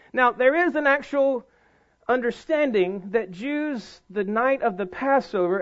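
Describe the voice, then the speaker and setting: A man preaching a sermon as pastor, moving between forceful emphasis and hushed, low passages. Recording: dull lo-fi sound.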